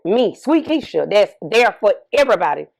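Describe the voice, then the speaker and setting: A woman's voice: medium pitch, big pitch swings, normal speed, gravelly, a little mellow. A middle-aged woman talking candidly as an interview guest, emphatic, often repeating herself and asking rhetorical questions. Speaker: interview guest, bereaved mother.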